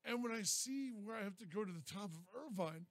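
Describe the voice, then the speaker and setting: A man's voice: high voice, animated, fairly quick, dry recording. A man co-hosting a radio show, telling stories and teasing the others in casual banter. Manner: storytelling, sarcastic, teasing. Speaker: radio co-host.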